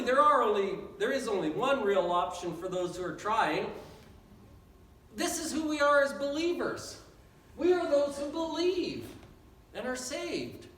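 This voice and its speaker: A man's voice: very high voice, a bit bright. A man preaching a sermon as pastor, earnest and repetitive, building rising appeals. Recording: echoey church hall from far off.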